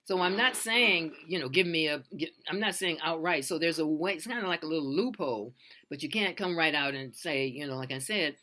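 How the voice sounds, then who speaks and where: Casting: bright, forceful-toned freelancer, rambling tutorial advice, earnest and unpolished. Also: mid-range voice, lively intonation, a little fast. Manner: earnest, loose and repetitive, with many restarts. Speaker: freelance voiceover artist. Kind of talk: casual how-to advice talk.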